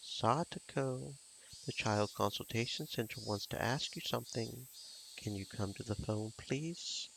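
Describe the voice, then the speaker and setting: A man's voice: mid-range voice, moderate pace, background noise, lightly acted. A man voicing a menacing, hot-tempered male guardian who snaps at callers. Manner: gruff, impatient, snapping. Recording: game music behind.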